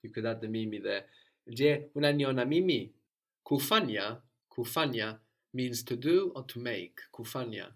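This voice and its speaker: A man teaching a language lesson, patient and prompting, often checking understanding with a quick "no?". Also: mid-range voice, animated.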